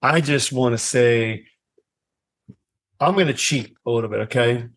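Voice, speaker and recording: A man's voice: medium pitch, unhurried, fairly bright tone. Laid-back male podcast host who swears freely. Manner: laid-back, swears casually, laughs often. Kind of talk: casual chat.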